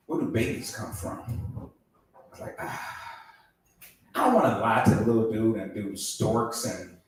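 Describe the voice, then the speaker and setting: Animated man doing stand-up, echoey room. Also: on the low side, distant mic, slight background noise. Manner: animated, acts out voices, laughs at his own jokes. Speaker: stand-up comedian. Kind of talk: stand-up comedy set.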